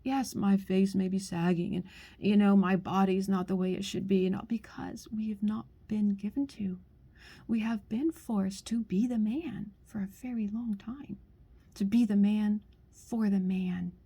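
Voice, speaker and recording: Soft, husky, pleading middle-aged woman. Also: medium pitch, fairly even intonation, unhurried. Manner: earnest, pleading, often half-whispered. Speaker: speaker sharing a personal message. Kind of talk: heartfelt spoken monologue.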